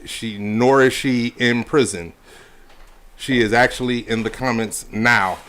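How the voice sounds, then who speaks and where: A man's voice: medium pitch, measured pace, fairly bright tone. A man hosting a casual talk show, speaking profanely and pushing on through the others' laughter. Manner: profane, tries to keep going through laughter. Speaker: podcast host. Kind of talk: casual group chat.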